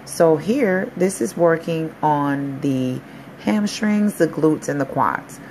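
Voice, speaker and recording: A woman's voice: low-pitched, expressive, takes it slowly, a little mellow, slight background noise. A woman personal trainer in a casual fitness vlog, explaining exercises in an upbeat, encouraging way.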